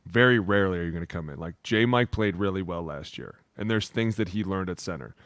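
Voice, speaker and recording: A former lineman co-hosts a podcast, spinning loose, crude locker-room stories in a relaxed way. His voice sits on the low side, and the recording is dry and close. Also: fast, no echo. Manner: laid-back, crude joking. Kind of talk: casual storytelling chat.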